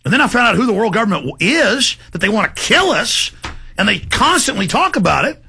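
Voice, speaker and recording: A man's voice: sits high, very animated, brisk, creaky, slight background noise. A man hosting a talk show, ranting in an impassioned monologue to his listeners. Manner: ranting, shouts in bursts, addresses folks directly.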